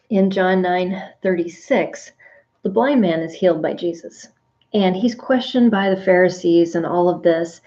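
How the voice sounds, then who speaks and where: Earnest woman teaching scripture, slow. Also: fairly low pitch, darkish tone, highs cut off. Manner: earnest and reflective, with thoughtful pauses and fillers. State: briefly emotional. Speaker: Bible teacher. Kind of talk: devotional Bible teaching.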